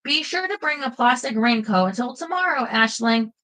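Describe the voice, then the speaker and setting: A woman's voice: a little high, animated, a bit bright, rough recording. A woman voicing an elegant, formal Swedish woman mage with a Swedish accent in an audiobook. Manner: formal, unhurried.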